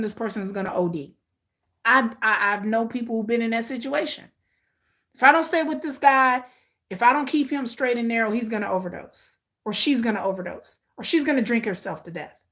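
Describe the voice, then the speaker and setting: Woman in her 40s chatting to her viewers, kinda high voice, acts out what people said. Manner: animated storytelling, acts out quotes. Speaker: commentary vlogger. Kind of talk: casual chat to viewers.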